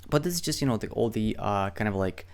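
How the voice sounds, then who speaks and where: A man's voice: lowish voice, expressive, fast talker. A young man teaching email marketing in a loose, conversational tutorial, swearing freely and checking in with "right?" all the time. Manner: loose, profane, conversational, keeps asking "right?". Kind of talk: casual screen-share tutorial.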